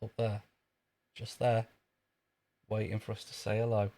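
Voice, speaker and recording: Man, gravelly voice, dry sardonic jokes, casual streamer chat. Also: fairly low pitch, monotone, a little slow, warm tone. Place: outdoors in a long queue.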